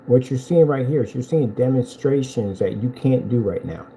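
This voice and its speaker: A man selling projector screens in a boastful, taunting vlog rant, telling animated stories with big swings in pitch. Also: moderate pace, slight background noise, poor audio. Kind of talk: ranting promotional vlog.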